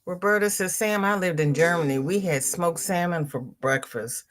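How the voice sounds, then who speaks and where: A woman's voice: fairly low pitch, normal speed. A woman hosting a casual livestream from home, reading viewers' comments aloud and answering them in a chatty way. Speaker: livestream host.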